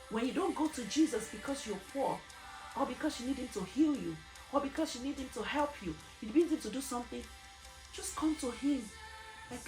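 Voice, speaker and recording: A woman shares a personal gospel testimony with earnest emphasis, putting rhetorical questions to those listening, while faint music plays in an echoey room. She speaks a little fast in a high, animated voice.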